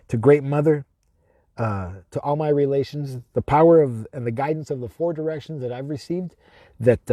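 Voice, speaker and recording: Mellow-voiced man giving a spiritual talk. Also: mid-range voice, no echo, clean studio sound. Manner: slow, repetitive, heartfelt, with chanted invocations. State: teary-eyed. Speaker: shamanic drum healer. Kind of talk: live-streamed spiritual talk. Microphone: self-filmed camera.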